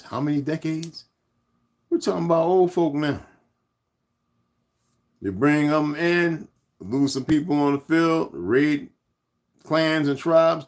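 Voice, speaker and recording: A man hosting his own channel, talking loosely and rambling to his viewers as "y'all". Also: on the high side. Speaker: channel host. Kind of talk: casual vlog talk to viewers.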